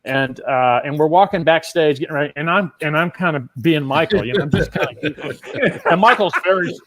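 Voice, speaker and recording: High-voiced man telling a lively anecdote. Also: normal speed. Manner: animated storyteller acting out other people's lines. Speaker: guest magician.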